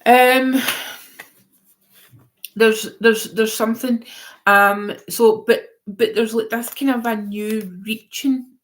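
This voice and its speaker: A woman's voice: on the high side, steady tone, slow pace, pauses often. A woman giving a live-stream tarot reading in a chatty, rambling way, often going off on tangents. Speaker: tarot reader.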